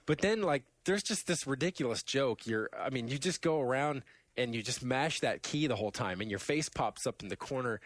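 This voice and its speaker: A man in casual podcast chat who tells his gaming stories with plenty of laughter. He bursts into loud imitations of game taunts and then drops back to easy talk. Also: medium pitch, animated, fairly quick, no room sound. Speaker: podcast host.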